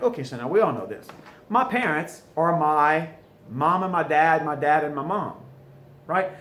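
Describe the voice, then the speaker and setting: A fairly high-pitched, slightly bright male voice belongs to a French teacher with a South Louisiana accent. In this recorded classroom lesson he patiently goes over answers, posing questions and answering them himself, in an echoey room with faint ambient noise.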